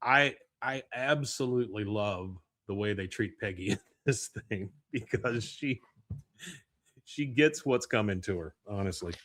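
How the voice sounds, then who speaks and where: Animated man recapping an episode. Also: lowish voice, unhurried, no echo, studio quality. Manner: animated retelling, voicing characters' lines. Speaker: podcast host.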